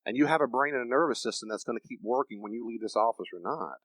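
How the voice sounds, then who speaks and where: A man delivers a teaching lecture with a preacher's emphasis, often acting out the people he quotes. His pitch rises and falls in wide, animated swings. The sound is dry and close, with no room echo. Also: quick pace. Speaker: counselor and preacher.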